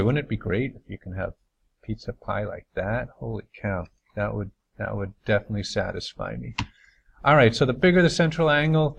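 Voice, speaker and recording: A man from New York, a math teacher, giving a recorded lesson over slides in an upbeat, chatty way with folksy asides. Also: mid-range voice.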